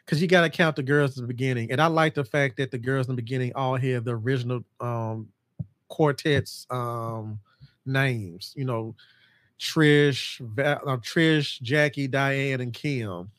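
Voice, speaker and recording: A man hosting a casual podcast chat about horror films, excitable and jumping into high voices to act out scenes. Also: unhurried, no room sound. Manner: animated, acts out scenes in a high mocking voice. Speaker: podcast host.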